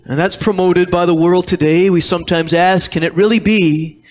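A man's voice: high-pitched, fairly even intonation, normal speed. A man preaching a sermon as pastor, emphatic and repeating key words, quoting scripture in old-fashioned wording. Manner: quotes scripture in King James wording. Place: church sanctuary.

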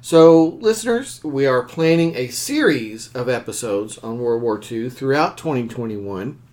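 A man's voice: medium pitch, expressive, measured pace, darkish tone. Male podcast co-host, casual history talk, easygoing and conversational. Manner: conversational, with stumbles and restarts.

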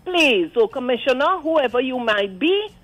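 A Trinidadian woman phoning in to a radio show, fired up and indignant as she acts out the people she quotes. Her voice sits fairly high and sounds dry and close, with faint music underneath. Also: very animated, normal speed, dry recording, poor audio. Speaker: caller. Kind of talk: call-in radio commentary. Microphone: phone line.

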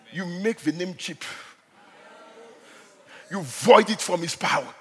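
A male preacher giving an impassioned sermon, dropping to hushed asides and rising to shouts. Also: high voice, moderate pace, long pauses, breathy edge, long reverb tail. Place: church hall.

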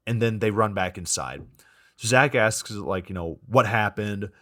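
Profane low-voiced man recapping a movie. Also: unhurried, fairly bright tone. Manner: profane, storytelling with quoted voices. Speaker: podcast co-host recapping a film. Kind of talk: casual comedic movie recap.

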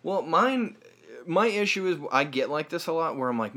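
A man's voice: on the high side, expressive, normal speed, pushed and bright. A man co-hosting a podcast in casual chat, chatty and rambling, with a joking manner. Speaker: podcast co-host.

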